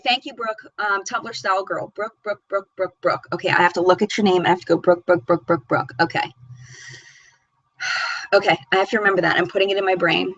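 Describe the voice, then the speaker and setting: A woman's voice: medium pitch, fairly bright tone, no room sound, low-quality recording. A woman hosting a beauty live chat, reading viewer comments aloud and chatting in a rambling way. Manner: chatty and rambling, often laughing. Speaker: beauty channel host.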